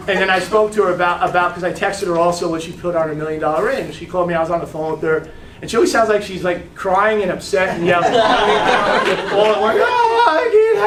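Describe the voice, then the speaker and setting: Man coaching a room, high voice. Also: noisy background. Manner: casual, animated storytelling with frequent "right?"; blunt, swears freely. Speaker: business trainer. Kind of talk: motivational training talk. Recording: echoey room, mic far off.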